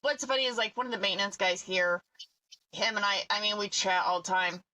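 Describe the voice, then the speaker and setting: A woman co-hosting a podcast in casual chat, blunt and animated as she tells stories. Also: medium pitch, fairly quick, poor audio. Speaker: podcast co-host.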